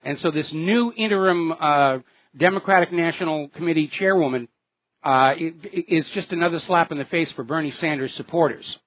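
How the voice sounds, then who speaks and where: A man's voice: fairly high pitch, normal speed, muffled recording. A man hosting a political talk radio show, delivering indignant, sarcastic commentary.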